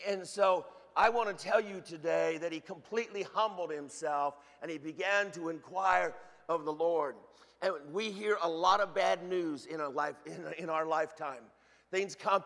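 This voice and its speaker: A pastor preaching a sermon with fervent energy, often stumbling into repeated restarts. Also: male voice, sits high, fairly bright tone, big-room sound. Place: church sanctuary.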